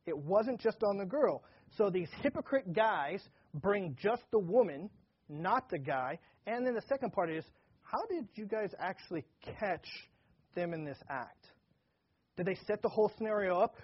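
A man's voice: on the high side, breathy edge. A man teaching from the Bible in a casual, conversational way, now and then acting out the people in the story with energy. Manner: conversational, acts out dialogue animatedly. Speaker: pastor. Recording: dull lo-fi recording.

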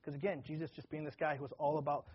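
A man's voice: a little high, flat delivery, racing, slight background noise. A man teaching from the Bible in a casual, conversational way, now and then acting out the people in the story with energy. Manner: conversational, acts out dialogue animatedly. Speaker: pastor. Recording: dull lo-fi recording.

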